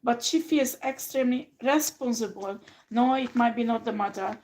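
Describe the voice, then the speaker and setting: A woman's voice: on the high side, moderate pace, darkish tone, slight background noise, low-quality recording. Emphatic woman giving a tarot reading. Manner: emphatic, talks straight to the viewer, swears. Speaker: tarot reader.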